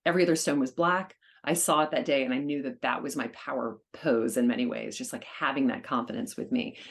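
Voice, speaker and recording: A woman guest on an interview podcast, a charity auctioneer talking in an upbeat, energetic way. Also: rumbling low, a little fast, vocal fry. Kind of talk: casual conversational interview.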